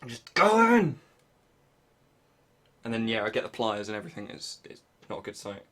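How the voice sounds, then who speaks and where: A man's voice: lowish voice, level tone, fast talker, a bit bright. Young man joking crudely on stream. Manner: crude joking, self-deprecating, muttering while working. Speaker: live streamer. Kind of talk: casual live-stream chat while building.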